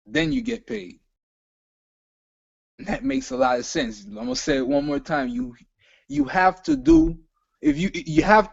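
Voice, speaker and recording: A man's voice: high voice, vocal fry, dry recording, lo-fi sound. A man with a Caribbean island accent, speaking emphatically and repeating himself as a business panelist giving a motivational talk. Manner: emphatic, repetitive, preachy.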